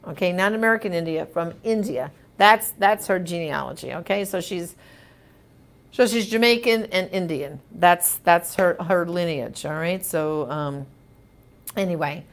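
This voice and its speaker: A woman's voice: on the low side, a little slow. A woman hosting a live show, reading viewer comments and answering them in an emphatic, conversational way.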